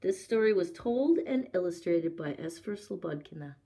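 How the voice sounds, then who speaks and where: A woman librarian reading a picture book aloud at story time, pausing to ask the young listeners questions. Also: lowish voice. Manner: slow, expressive, asks young listeners questions. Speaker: children's librarian.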